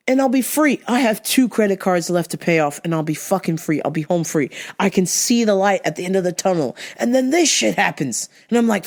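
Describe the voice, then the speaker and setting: A young woman telling a story to camera in a casual, exasperated rant, swearing freely and rising to shouts. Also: medium pitch. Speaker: vlogger.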